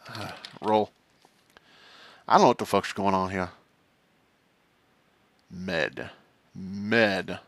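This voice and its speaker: A man doing casual let's-play commentary in an animated, jokey way, thinking aloud as he plays. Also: sits low, drawn-out words, pauses often, no room sound. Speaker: gaming commentator.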